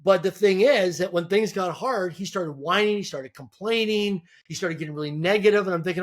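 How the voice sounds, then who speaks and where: A man with a notably high speaking voice appears as a guest entrepreneur on an interview podcast, giving motivational business advice in an emphatic, driving way. He often repeats words, restarts phrases, and stacks his points into quick lists.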